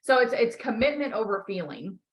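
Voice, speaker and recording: A woman's voice: a little high, lively intonation, a little fast, low-quality recording. A woman podcast host coaching a guest in a candid conversation, talking emphatically with frequent swearing and strong emotion.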